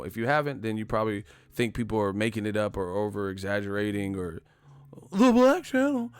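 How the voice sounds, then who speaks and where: A man's voice: fairly low pitch, clean tone. A man hosting a boxing live stream, talking casually and profanely, retelling stories with acted-out quotes. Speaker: boxing channel host.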